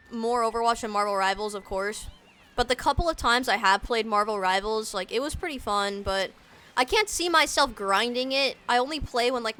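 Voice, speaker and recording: Casting: young woman game streamer with a bright, higher voice. Loose, slangy, rambling chat with faint game music underneath. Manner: rambling and slangy, heavy use of "like" and "dude". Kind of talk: casual live-stream chat while gaming.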